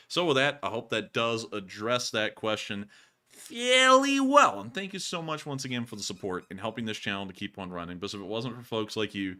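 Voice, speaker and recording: A man hosting a livestream, explaining tactics and thanking donors in a relaxed, chatty way. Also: mid-range voice. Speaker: livestream host. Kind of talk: casual stream commentary.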